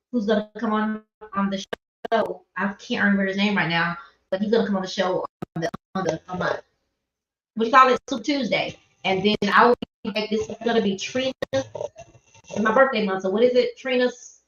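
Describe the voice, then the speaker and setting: A woman's voice: medium pitch, a bit bright. A woman with a Southern US accent hosting a live podcast, chatting loosely as she signs off. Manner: loose, chatty sign-off talk. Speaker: podcast host. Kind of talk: casual chat. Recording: echoey, dull stream audio with faint noise.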